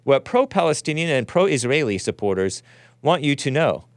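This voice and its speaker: A man's voice: on the high side, very animated, moderate pace, no echo, clean studio sound. A male host giving rambling, wry live-stream commentary on footage, often chuckling to himself.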